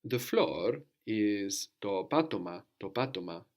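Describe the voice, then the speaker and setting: A male language teacher with a fairly low voice leads a guided lesson. He is patient and keeps prompting his student with questions. He often checks in with a quick "no?" at the end of a point. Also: lively intonation, darkish tone.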